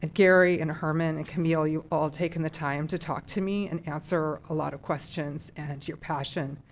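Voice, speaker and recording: A woman's voice: low-pitched, fairly even intonation, moderate pace, slight background noise. A middle-aged woman serving on a school board, speaking heartfelt and emotional at a public meeting, with restarts and trailing phrases.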